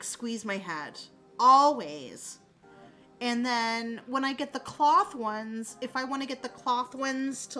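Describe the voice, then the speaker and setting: Bright, animated woman chatting on stream. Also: fairly high pitch. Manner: animated, sarcastic, quick asides and laughs. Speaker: livestreamer reading chat. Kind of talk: casual chat.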